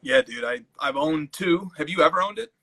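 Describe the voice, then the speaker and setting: A man's voice: a little high, lively intonation, moderate pace, bright, forceful tone, dry recording, poor audio. A man co-hosting a casual live-stream chat, thoughtful and easygoing. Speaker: co-host.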